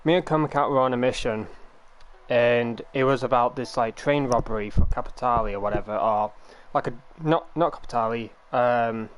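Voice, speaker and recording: On a live game stream, a young man chats with his viewers in a middle-pitched voice that is clear and resonant. He drifts through long, rambling explanations, sounding relaxed and in no hurry.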